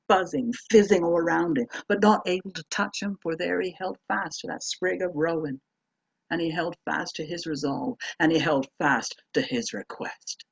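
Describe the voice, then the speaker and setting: Brief: woman storyteller, dramatic folk-tale telling, husky edge, dry close sound. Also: fairly low pitch, dry recording, highs cut off. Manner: dramatic, shifting between hushed and emphatic.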